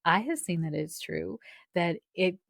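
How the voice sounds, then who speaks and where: A woman's voice: on the low side, lively intonation, a little slow, creaky, no echo, studio quality. A woman hosting a spiritual podcast, telling a personal story in a chatty, casual way with lots of fillers and restarts. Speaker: podcast host.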